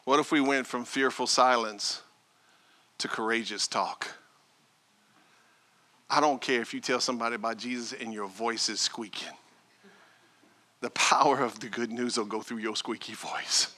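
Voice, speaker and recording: A man preaching a sermon as pastor, piling up rhetorical questions and moving between loud exhortation and hushed talk. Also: medium pitch, fairly even intonation, normal speed, pauses often. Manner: rhetorical, building "what if" questions.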